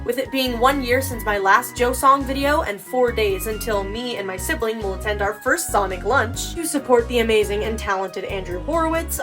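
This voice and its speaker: A woman narrating a scripted commentary video in an earnest, candid way with playful asides. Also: a little high. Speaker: video essayist.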